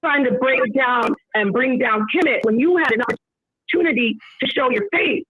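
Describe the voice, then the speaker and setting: Woman arguing hard over a tinny phone line, high voice, husky, keeps pushing to get her say in. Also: moderate pace, no room sound. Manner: insistent, quotes scripture, pushes to be heard. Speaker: debate guest. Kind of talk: heated call-in debate.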